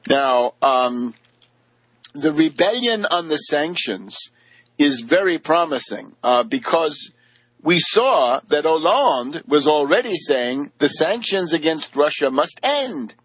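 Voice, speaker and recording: A man's voice: fairly high pitch, very animated, slow, a bit bright, breathy edge, dry recording, highs cut off. A man giving a combative, sarcastic political commentary, full of fillers and mocking quotes of opponents. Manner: mimics opponents in quoted asides.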